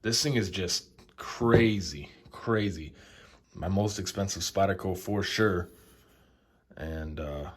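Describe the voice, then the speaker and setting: A young man casually showing his knife collection, relaxed and enthusiastic, with lots of fillers. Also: sits low, slow. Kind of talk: casual show-and-tell.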